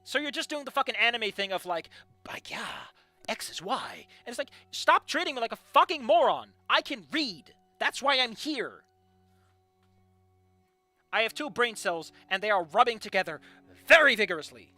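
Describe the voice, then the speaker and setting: A man's voice: very high voice, expressive, moderate pace, bright, forceful tone, no echo, faint music behind. A man reading fan fiction aloud and breaking off into sarcastic, profane rants about the writing. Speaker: fan fiction reader and critic. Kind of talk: casual commentary.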